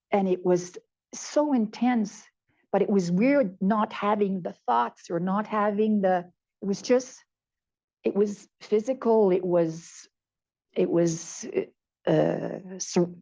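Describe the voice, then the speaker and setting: Older woman, 70s, gravelly dark voice, heartfelt personal testimony, slightly muffled sound. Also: medium pitch. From Canada. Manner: heartfelt, repeats words for emphasis. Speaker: conference speaker.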